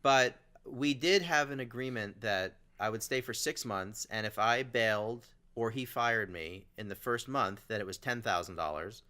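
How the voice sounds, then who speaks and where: A man's voice: on the low side, moderate pace, hardly any pauses. A man hosting a podcast, telling a long personal story in casual conversation and briefly acting out the people in it. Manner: animated, acts out quoted people in his stories. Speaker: podcast host.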